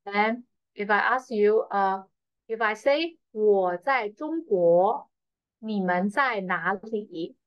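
A woman's voice: mid-range voice, slow pace, dry recording. A woman teaching Chinese in a patient online lesson from a school, repeating phrases with frequent fillers. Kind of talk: slow, repetitive online language lesson. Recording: slightly dull, dry lo-fi sound.

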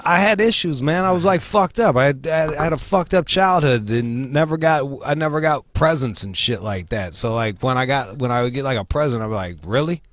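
A man hosting a casual talk show, telling stories in a profane, animated way. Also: medium pitch, fairly quick, hardly any pauses, no room sound. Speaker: show host. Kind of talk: casual podcast chat.

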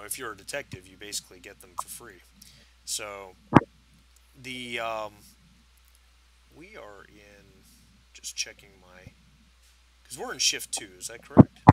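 A man narrating a tabletop game as game master, halting with fillers and restarts. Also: on the low side, noisy background.

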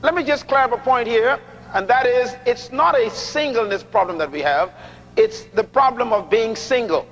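A middle-aged male preacher giving an emphatic, teasing sermon, repeating key lines slowly for effect, in a large church hall. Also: very high-pitched, fairly bright tone. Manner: humorous, teasing the audience. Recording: dull lo-fi recording with long hall reverb.

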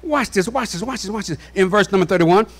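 A man preaching a fervent sermon in a church, often shouting and repeating "watch this" to rally the congregation. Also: sits high, quick pace. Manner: shouting, repeats "watch this", folksy call-and-response. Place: church sanctuary.

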